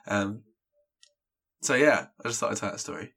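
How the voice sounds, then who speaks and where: A man's voice: fairly low pitch, steady tone, brisk, long pauses, fairly bright tone. A man co-hosting a podcast, telling a rambling story in casual chat full of "like". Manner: rambling storyteller, many "like" fillers. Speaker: podcast co-host.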